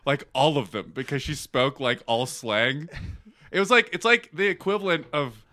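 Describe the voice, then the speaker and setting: Guy on a podcast, kinda high bright voice, swears a lot and laughs at his own jokes. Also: normal speed. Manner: loud, profane, laughs often. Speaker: podcast co-host. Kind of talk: crude comedic banter.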